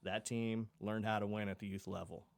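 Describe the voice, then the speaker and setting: A man's voice: fairly low pitch, little pitch movement, moderate pace, vocal fry, dry recording. A middle-aged man, a football coach, reminiscing in a matter-of-fact way as a podcast guest. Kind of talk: casual interview talk.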